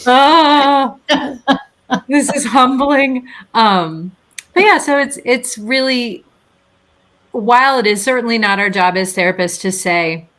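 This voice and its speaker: A woman therapist and author, a guest in an interview, telling her story with lively acted-out quotes and frequent laughter. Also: a little slow. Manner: lively storyteller, acts out quotes with big pitch jumps. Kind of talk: animated interview conversation.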